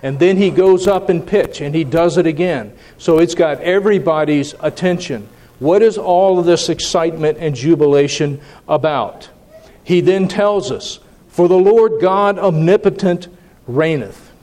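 A man's voice: a little high, moderate pace, dark tone. A man preaching a sermon, dropping to a near whisper for emphasis and then rising to emphatic declarations. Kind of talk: sermon on sacred music.

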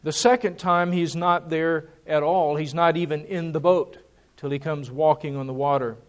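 A man's voice: a little high, steady tone, normal speed, clear, resonant tone. A man preaching a sermon, emphatic and repeating key words for stress.

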